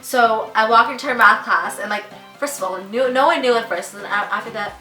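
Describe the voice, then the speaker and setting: A woman's voice: on the high side, a little fast, sharp tone, reverberant, distant mic, faint music behind, rough recording. A teenage girl telling a story with her twin in casual vlog chat, chatty with lots of filler words. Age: teens. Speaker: vlogger.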